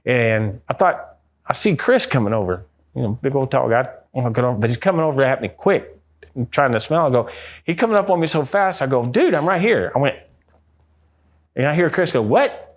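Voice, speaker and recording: A middle-aged American man, a guest on an interview, telling a ghost story with lively acted-out quotes. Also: medium pitch, a little fast. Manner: acts out quotes in a raised excited voice.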